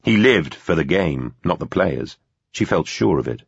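Deep, husky male narrator. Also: expressive, a little slow, no room sound, lo-fi sound. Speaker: audiobook narrator. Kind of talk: scripted narration.

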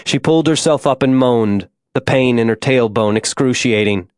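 A man reading an audiobook in a measured, scripted narration. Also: medium pitch, a little mellow, no room sound, clean studio sound.

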